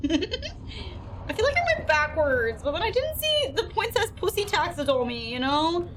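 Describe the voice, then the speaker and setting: A woman's voice: extremely high pitch, very animated, a little slow, fairly bright tone, a little hiss or hum, rough recording. A woman commentating live on a horror game, crude and self-mocking, stressed, breaking into silly made-up songs. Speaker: streamer playing a horror game.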